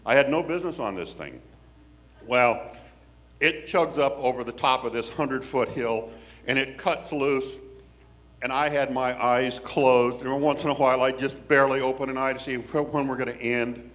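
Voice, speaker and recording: A man from Washington State, telling a personal story in an animated, folksy, wry way. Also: mid-range voice, moderate pace.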